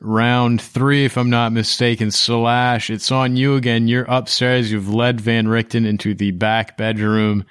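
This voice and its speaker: A man's voice: medium pitch, flat delivery, unhurried, hardly any pauses, clear, resonant tone, no echo, studio quality. A man narrating and running a tabletop role-playing game in a laid-back, jokey way, often breaking into laughter. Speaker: game master.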